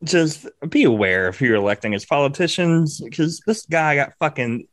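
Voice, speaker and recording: A man's voice: a little high, animated, normal speed, fairly bright tone, no echo. A young man from Georgia co-hosting a podcast, telling a crude story with lots of laughter. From Georgia, USA. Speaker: podcast co-host. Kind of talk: casual podcast banter.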